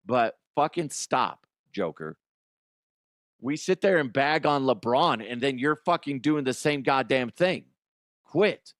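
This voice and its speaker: A man rants bluntly about sports, cursing freely as his pitch swings up and down. The sound is dry and close, with no room around it. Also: unhurried, no room sound. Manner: blunt, cursing, ranting, animated. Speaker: sports comedy podcast host. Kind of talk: profane sports rant.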